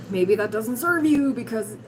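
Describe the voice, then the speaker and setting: A woman with a raspy, hoarse voice giving a casual livestream tarot reading, blunt and encouraging with giggly asides. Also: fairly high pitch, expressive, slow pace, noisy background. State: hoarse, voice recovering. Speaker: tarot reader, livestream host.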